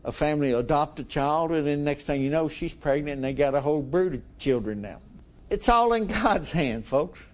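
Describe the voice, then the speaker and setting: A man's voice: a little high, animated, moderate pace. A middle-aged male preacher giving a folksy, conversational sermon, chuckling often and asking the congregation questions.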